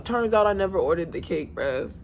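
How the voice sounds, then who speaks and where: Gravelly young woman vlogging. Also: lowish voice, animated, a little fast, a little hiss or hum. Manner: rambling, venting with casual slang. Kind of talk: casual vlog chat.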